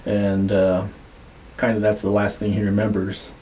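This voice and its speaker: A man's voice: fairly low pitch, completely flat delivery, moderate pace, dark tone, slight background noise, rough recording. A man hosting a podcast, retelling a story in a loose, rambling way with lots of "like" and casual swearing. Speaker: podcast host.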